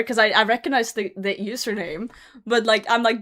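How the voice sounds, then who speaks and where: A young Norwegian woman, a native Norwegian speaker with a Norwegian accent, telling a story casually on her game livestream, animated, laughing often and swearing freely. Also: a little high, moderate pace. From Norway. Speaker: game streamer.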